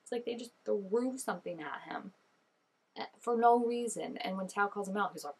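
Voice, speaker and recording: This reaction video host is a young woman whose mid-range voice sounds creaky and darkish, with a breathy edge, at an ordinary pace. She gushes chattily through her commentary, leaning on "like" constantly and laughing often.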